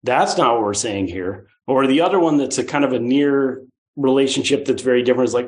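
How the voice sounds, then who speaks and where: A man giving a Buddhist dharma talk in a conversational, animated way, with playful swoops of the voice. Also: medium pitch, fairly quick. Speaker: Buddhist teacher.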